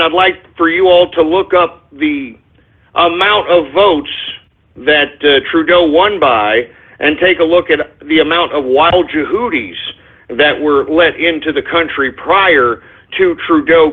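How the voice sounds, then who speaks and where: A man hosting a talk radio show, ranting in a raised, husky voice. He talks crudely and worked up, tossing out "you know" and "all right?" between jabs. The sound is thin and tinny, like a phone line. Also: fairly high pitch. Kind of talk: solo talk radio rant with listener shout-outs.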